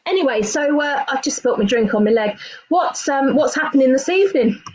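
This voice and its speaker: Teasing high-voiced woman host. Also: expressive, a little fast, poor audio. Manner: giggly, teasing. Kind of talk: casual chat.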